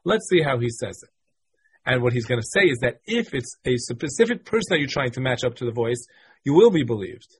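A man's voice: mid-range voice, sing-song, a little fast, breathy edge. A man teaching a Talmud class, reading passages from the text, translating them and explaining step by step with many repeated phrases.

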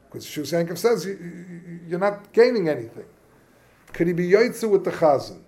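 A man gives an informal Torah class, peppered with Hebrew and Yiddish terms. His voice sits a little high. He asks questions and works through the points in a loose, chatty way. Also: expressive, moderate pace, mellow. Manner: casual, questioning, yeshivish phrasing mixed with English. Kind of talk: informal Talmudic lesson.

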